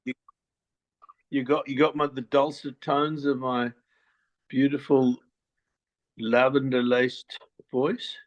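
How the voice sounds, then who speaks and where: A mid-pitched older man with a well-travelled, mixed South African accent talks in a bawdy, joking way. His stories wander as he goes. His voice comes through a slightly muffled remote call line. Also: flat delivery, takes it slowly, long pauses. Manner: bawdy, joking, rambling storyteller. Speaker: guest filmmaker. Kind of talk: casual interview chat.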